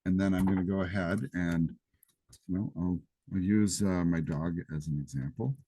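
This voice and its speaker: A man's voice: deep voice, fairly even intonation, normal speed, warm tone, husky. A man teaching a live programming class, chatty and casual with asides. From Greece. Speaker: programming instructor. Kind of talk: live class lecture with coding demo. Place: classroom or office during live session.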